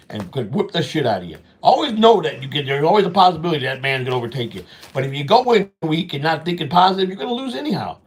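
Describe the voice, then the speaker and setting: Profane, blunt middle-aged man telling stories. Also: fairly high pitch. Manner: profane, blunt street talk; acts out both sides of remembered arguments. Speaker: show host. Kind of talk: walk-and-talk storytelling.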